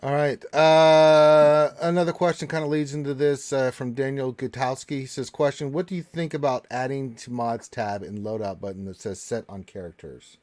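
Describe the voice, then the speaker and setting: A man hosting a casual live Q&A panel, reading out viewer questions and answering in a relaxed, rambling way with plenty of fillers. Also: mid-range voice, moderate pace, hardly any pauses.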